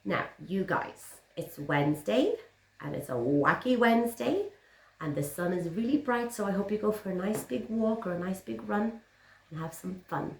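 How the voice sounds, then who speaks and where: A woman's voice: medium pitch, lively intonation, moderate pace, vocal fry. A woman teaching young children, encouraging and sing-song as she reads a picture book aloud. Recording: roomy echo.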